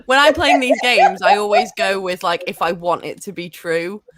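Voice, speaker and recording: A woman comedian as a panel guest, giggly and crude, chatting with animated energy. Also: mid-range voice, moderate pace. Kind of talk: casual comedic chat.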